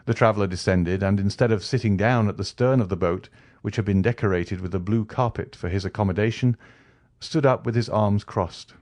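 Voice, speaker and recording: A man narrates an audiobook of a classic novel, reading the script in a measured, even storytelling manner. His voice is on the low side, recorded dry at studio quality.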